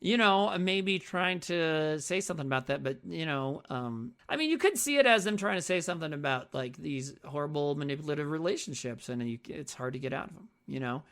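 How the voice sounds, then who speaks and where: A man's voice: a little high, expressive, brisk, hardly any pauses, fairly bright tone. A man co-hosting a casual movie-review podcast, swearing freely and laughing often. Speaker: podcast co-host.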